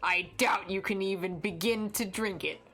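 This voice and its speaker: A young American woman chats on her art stream, rambling and restarting her sentences with plenty of fillers. Her pitch sits in the middle. Soft music plays faintly behind her. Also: normal speed. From United States. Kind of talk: casual chat while drawing on stream. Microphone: desk mic with headphones.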